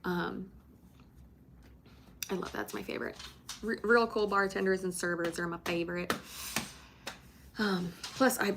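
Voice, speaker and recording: A woman's voice: mid-range voice, fairly even intonation, a little slow, pauses often, fairly bright tone, a little hiss or hum. A young woman from Florida chatting casually on a livestream, rambling with many fillers and casual swearing. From Tampa, Florida. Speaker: livestream host.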